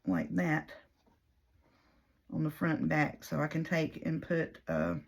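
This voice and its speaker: A woman's voice: low voice, very animated, slow pace, creaky. A woman chatting casually through a paper craft tutorial, rambling in a folksy way and talking through her own mistakes as she works. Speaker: paper crafter demonstrating a project.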